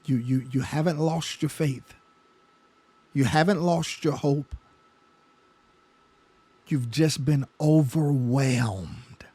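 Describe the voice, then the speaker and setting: A man's voice: a little high, takes it slowly, pauses often, mellow, slightly rough. A man pastor teaching a Bible study sermon, emphatic, often repeating words as his passion builds. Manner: emphatic, stammering repetitions, rising passion.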